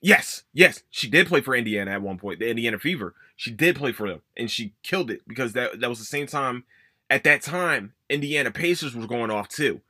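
A man hosts a casual sports podcast, ranting with plenty of swearing. His voice swings widely and leaps up in pitch whenever he stresses a point. The tone is bright, and the recording is dry and close to the mic. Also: lively intonation, a little fast, breathy edge, no echo. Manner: emphatic, profane, jumps up in pitch for emphasis. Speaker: podcast host.

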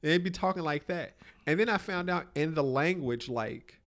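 A man's voice: fairly high pitch, normal speed, a bit bright. A man co-hosting a podcast, chatting casually with crude, loose storytelling. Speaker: podcast co-host.

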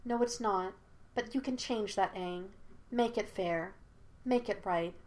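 Gentle, resolute young woman, soft and firm, read by a woman. Quiet storybook voice, close to the reader's own. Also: medium pitch, a little slow, close to an everyday voice.

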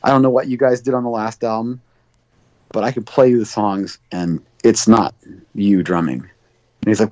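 Low-voiced man telling studio stories. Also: steady tone, moderate pace, mellow, no echo. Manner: rambling, many fillers, acts out quoted dialogue. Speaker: guest, record producer. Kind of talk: casual interview storytelling. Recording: dull lo-fi dry sound.

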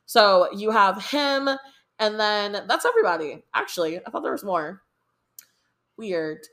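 Rambling, excitable young American woman. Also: mid-range voice, a little slow. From United States. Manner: rambling, excitable, heavy swearing and fillers. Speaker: podcast host. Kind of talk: casual chat.

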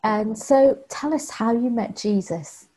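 A woman hosts the conversation and guides her guest with encouraging questions. Her voice is mellow and soft, with a breathy quality. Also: on the high side, slow pace, low-quality recording. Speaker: podcast host. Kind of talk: interview hosting.

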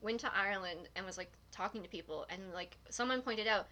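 A young woman from Nova Scotia co-hosting a podcast in casual chat, animated and quick to laugh, swearing now and then. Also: mid-range voice. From Nova Scotia, Canada. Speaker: podcast co-host.

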